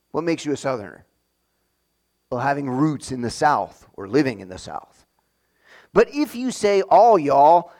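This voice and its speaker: A man preaches with a voice that sits a little on the high side. He walks his congregation through each idea in a plain, conversational teaching manner. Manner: conversational teaching, explains step by step. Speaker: pastor. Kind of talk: sermon.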